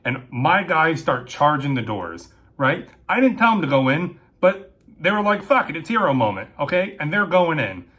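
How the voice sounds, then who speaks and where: A man telling a comic story about his days as a military police dispatcher, acting out the lines with sudden shouts and asides. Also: fairly high pitch, normal speed. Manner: animated, acts out quotes with shouting and asides. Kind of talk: comedic storytelling.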